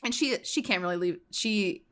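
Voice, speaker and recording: A woman hosting a podcast, chatting casually and telling animated stories full of "like" fillers. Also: medium pitch, normal speed. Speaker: podcast host. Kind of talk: casual chat.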